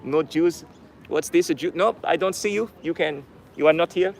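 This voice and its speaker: A man's voice: on the high side, moderate pace, vocal fry, a little hiss or hum, pitched above the performer's own voice. A man putting on an exaggerated, mocking German accent to play an adult male soldier. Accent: put-on German.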